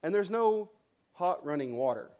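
A man in his thirties, a pastor preaching, telling a self-mocking story with animated delivery and frequent restarts. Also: high-pitched, moderate pace, highs cut off. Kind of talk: sermon storytelling.

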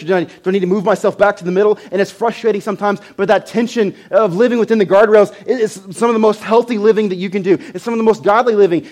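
A man preaching a sermon to a congregation, conversational, with loud emphatic bursts and frequent repeated words. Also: high voice. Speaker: pastor.

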